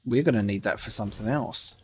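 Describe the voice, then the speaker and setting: Playing through a horror game, this male streamer talks fairly quickly in a lowish voice, cursing a lot and laughing or yelling when something scares him. He also reads the in-game letters out loud in his relaxed let's play commentary. Slight hiss or hum sits under the audio.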